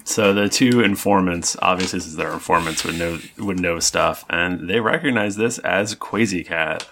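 A man running a tabletop game as game master, narrating haltingly with lots of ums and restarts. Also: low voice, fairly bright tone, a little hiss or hum.

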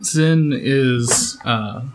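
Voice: medium pitch, drawn-out words, slight background noise. A player in a tabletop game describing their character's actions in a laid-back, amused way. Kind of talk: casual tabletop play.

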